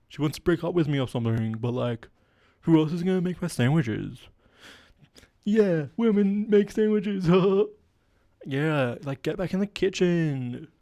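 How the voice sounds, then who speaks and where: A man voicing a loud, boastful, misogynistic young bro who talks in a brash, slangy way with a raised pitch.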